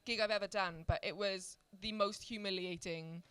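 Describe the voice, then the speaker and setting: A woman's voice: medium pitch, normal speed, clean tone, no room sound. A woman in her thirties from Wales, a stand-up comedian, telling stories in casual podcast chat with frequent laughter. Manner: animated storyteller, laughs often.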